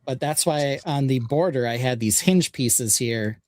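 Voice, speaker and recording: A relaxed man hosting a casual live stream, walking through his build piece by piece. He talks in an easygoing way, pausing often with little fillers as he explains. His voice sits at an ordinary middle pitch. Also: dry recording, clean studio sound. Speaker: podcast host.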